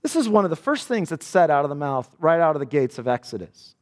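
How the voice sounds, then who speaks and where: Guy preaching, high voice that swings all over, reads scripture real dramatic. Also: very animated, quick pace. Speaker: pastor. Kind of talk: sermon.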